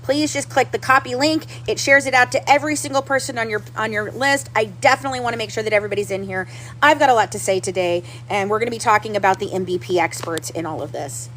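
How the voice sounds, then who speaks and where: A woman with a somewhat high voice hosts a casual livestream from home and talks straight to her viewers. She repeats herself and sounds restless and upset. A faint hum sits behind her. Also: fast, a bit bright, poor audio. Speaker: livestream host.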